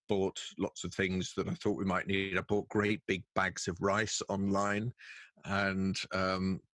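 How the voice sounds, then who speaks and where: Man, middle-aged, from England, low voice, dry close sound, wry storyteller. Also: a bit bright, no echo. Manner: jokey storyteller, quick wry asides. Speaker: guest, professional speaker and announcer. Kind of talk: casual conversational interview. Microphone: video call.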